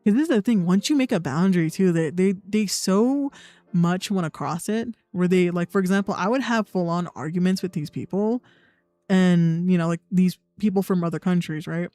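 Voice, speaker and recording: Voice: medium pitch, moderate pace, a little mellow, no echo. A young adult livestreamer, in blunt, profane, sarcastic casual chat. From United States. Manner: sarcastic, mocking mimicry of others. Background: faint background music.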